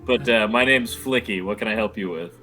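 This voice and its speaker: A man voicing a flippant but earnest young male rogue, dropping to a low, quiet tone. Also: fairly quick, soft background music. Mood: friendly.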